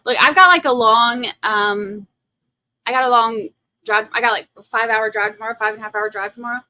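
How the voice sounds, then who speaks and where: This is a woman from Massachusetts running a livestream, joking about herself and reading her viewers' comments aloud in a relaxed, chatty way. She sounds slightly high, brisk, bright and forceful. The audio is low quality but has no room sound.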